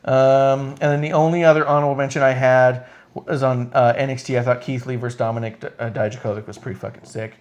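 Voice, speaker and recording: A man's voice: mid-range voice, fast, lo-fi sound. A man co-hosting a casual wrestling podcast, swearing freely and acting out what wrestlers and referees said. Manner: profane, animated, acts out quotes. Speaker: podcast co-host.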